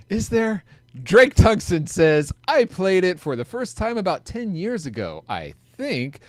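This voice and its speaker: Lively jokey man reading comments. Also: high-pitched, takes it slowly, no echo, clean studio sound. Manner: jokey, stumbles over lines and laughs. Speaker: podcast co-host. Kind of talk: casual chat, reading listener comments.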